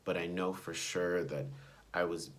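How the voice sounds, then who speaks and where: Young male vlogger, low register, digressive, filler-heavy storytelling. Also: steady tone, a little slow. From United States. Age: young adult. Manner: rambling, digressive, with many fillers. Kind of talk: personal storytelling to camera.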